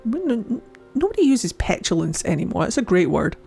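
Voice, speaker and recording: A woman's voice: medium pitch, big pitch swings, fairly quick, gravelly, dark tone, breathy edge, faint music behind. A woman streaming a game in a casual, chatty way, reading the dialogue aloud and joking, with many filler likes and frequent giggles. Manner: playful and giggly, with frequent laughs. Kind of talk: casual let's-play commentary, reading game text aloud.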